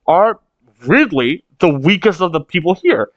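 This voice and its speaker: A man's voice: high voice, animated, a little slow, dry recording, dull audio. Man rambling through a manga read-along. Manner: rambling, restarts, swears casually. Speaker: manga reaction host. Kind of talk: casual read-along commentary.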